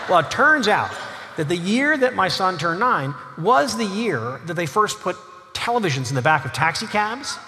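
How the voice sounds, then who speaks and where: A middle-aged man, an author, telling humorous family stories to a live audience in an animated, self-deprecating way. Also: sits high, normal speed, noisy background. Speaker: author giving a lecture. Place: lecture hall on stage. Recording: reverberant lecture hall.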